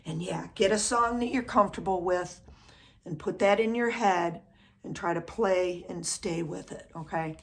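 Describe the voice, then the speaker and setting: A woman's voice: fairly low pitch, normal speed, a little hiss or hum. A middle-aged woman teaching a drum lesson in a casual way, checking in with a constant "okay?" and counting beats aloud. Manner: says "okay?" after most phrases, counts beats aloud.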